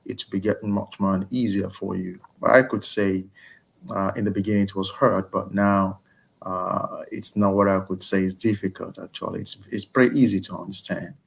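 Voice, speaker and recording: A man speaking as a guest in a casual interview, answering in a halting way with many fillers and restarts. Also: low voice, little pitch movement, creaky. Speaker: interview guest, engineering student.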